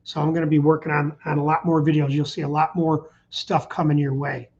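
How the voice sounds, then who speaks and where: A man's voice: fairly high pitch, level tone, a little fast, hardly any pauses, darkish tone, dull audio. Upbeat rambling man hosting a live stream. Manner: rambling, upbeat, reads out viewer comments. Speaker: channel host. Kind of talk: casual livestream chat.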